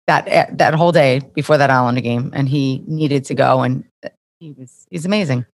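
A woman with a notably low voice speaks quietly and from the heart. Her delivery is plain and conversational. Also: moderate pace, dry recording. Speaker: guest. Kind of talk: casual conversation.

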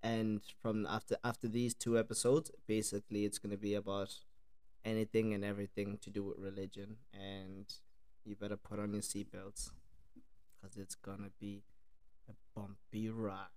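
A man's voice: fairly low pitch, monotone, normal speed, darkish tone. A young man with a mixed Irish and South African accent, chatting casually on a podcast and laughing often. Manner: laid-back, laughs often, says "eh?". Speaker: podcast co-host.

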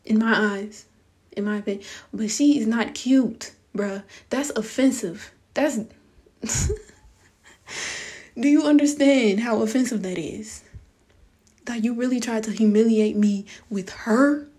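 A woman's voice: on the high side, a little slow, pauses often, dark tone. A young woman telling viewers a story in a casual storytime rant, blunt, profane and exasperated. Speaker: vlogger.

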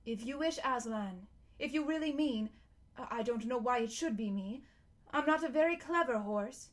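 A humble, kindly male horse with a raised, eager voice that bursts into exclamations, as a woman puts him on while reading a storybook aloud. He sounds simple and good-hearted, high and lively. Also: moderate pace, natural voice.

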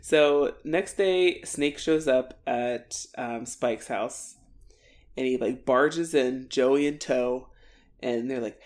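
A woman's voice: a bass voice, slow pace, a little mellow. Woman podcaster retelling a tv episode, casual, does little bits of the characters' lines. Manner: chatty storytelling, acts out characters' lines, laughs. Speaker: podcast co-host. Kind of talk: casual episode recap narration.

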